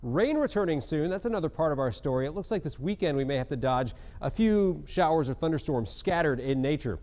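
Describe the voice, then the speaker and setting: A man presenting a morning TV weather forecast, chatty and quick to laugh, then chatting about football picks. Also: high voice, a little mellow. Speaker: TV meteorologist. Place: TV news studio.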